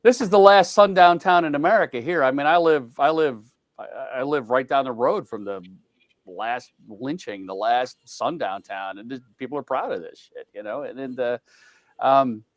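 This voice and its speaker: A man's voice: medium pitch, normal speed, dry recording. An older man in casual political chat, blunt and profane, rambling with many restarts. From outside the South. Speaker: co-host.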